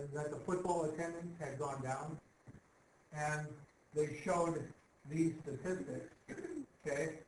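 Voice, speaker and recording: Man, lecturer, slightly high voice, conversational and sarcastic, echoey room, faint hiss. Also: a little mellow. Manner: conversational, sarcastic asides, checks if listeners follow. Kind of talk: classroom lecture with slides.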